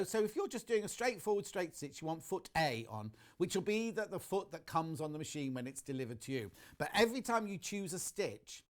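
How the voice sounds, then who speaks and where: Lively, chatty man selling on TV. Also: high-pitched. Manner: chatty, enthusiastic, talks straight to viewers. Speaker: shopping channel presenter. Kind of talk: live TV product demonstration.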